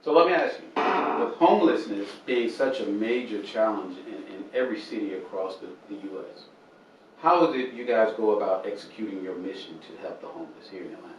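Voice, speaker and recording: A man's voice: lowish voice, animated, a little fast, slight background noise. A man as guest host of a faith podcast, asking questions and giving short, attentive affirmations. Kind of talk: interview questions and short reactions. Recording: very echoey, distant, dull mic.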